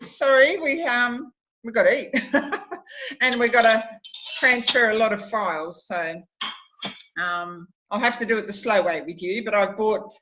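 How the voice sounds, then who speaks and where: A woman's voice: on the high side, unhurried, pushed and bright. A woman with an Australian accent chatting on a video call in a jokey, chatty way. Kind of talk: casual video-call chat. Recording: dull noisy video-call audio.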